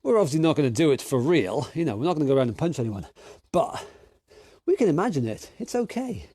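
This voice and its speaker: British male trainer, slightly high voice, stuffy nose, encouraging, counts down rounds. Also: big pitch swings, fast, dark tone, slightly rough, dry recording. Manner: upbeat, encouraging, counting down reps. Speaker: fitness instructor. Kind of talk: online exercise class instruction.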